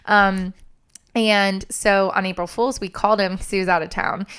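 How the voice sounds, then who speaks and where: A woman's voice: mid-range voice, little pitch movement, normal speed, fairly bright tone, smooth. A woman in her thirties from California, chatting casually as an interview guest, full of fillers and laughing through her stories. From California, USA. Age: 30s. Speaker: podcast guest.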